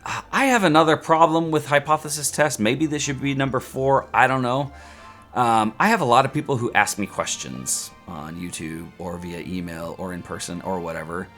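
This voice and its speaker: A man's voice: mid-range voice, normal speed, fairly bright tone, soft background music. A man teaching statistics in a casual video lecture, chatty and joking, with rants and self-mocking asides. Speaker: statistics instructor.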